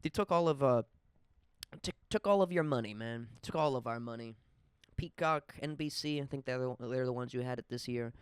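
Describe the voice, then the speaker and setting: A man's voice: medium pitch, normal speed, clear, resonant tone, no room sound, studio quality. A man hosting a solo podcast, rambling casually with heavy swearing and lots of fillers. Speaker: podcast host.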